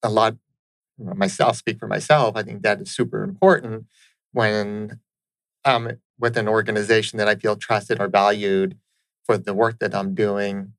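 A man's voice: on the low side, steady tone, measured pace, vocal fry, dry recording, rough recording. A man hosting a conversational interview, earnest and affirming, often checking in with "right?". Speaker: interviewer host.

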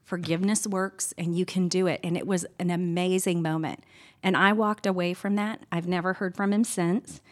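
A middle-aged woman, a guest in an interview, telling a personal story in an earnest, candid way and getting animated when she retells scenes. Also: on the low side, normal speed.

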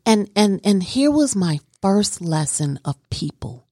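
A woman's voice: mid-range voice, expressive, moderate pace, few pauses, a little mellow, breathy edge, no room sound, clean studio sound. A woman telling her life story in an interview, earnest and emphatic. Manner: earnest and emphatic, talks with conviction. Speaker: guest.

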